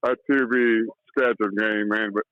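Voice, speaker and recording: A man's voice: lowish voice, steady tone, moderate pace, clean tone, no echo. A man calling in to a sports radio show, an eager fan who stammers and restarts. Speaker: caller. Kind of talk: phone-in sports chat. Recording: muffled phone-call audio.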